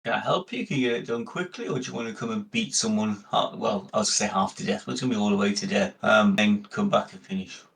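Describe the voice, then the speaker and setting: A man's voice: on the low side, quick pace, gravelly, few pauses, a bit bright. Northeast English man, tabletop player, eager casual banter, sits well back from the mic. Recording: distant from the mic.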